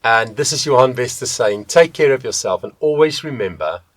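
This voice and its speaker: A man teaching a voice lesson as a vocal coach, talking in a deliberate, emphatic way and stressing key words. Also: mid-range voice, lively intonation, dry recording. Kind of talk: video voice lesson.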